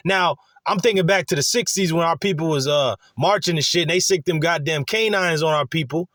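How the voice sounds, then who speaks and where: Man, fairly high voice, dry close sound; profane, rambling, excitable preacher. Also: brisk, dry recording. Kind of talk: profane casual sermon.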